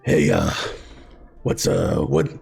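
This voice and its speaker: A man voicing a brusque, gravelly male ship boss who haggles and dismisses people. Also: low voice, big pitch swings, takes it slowly, a little mellow, soft background music, voice pushed down, heavily acted. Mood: irritated.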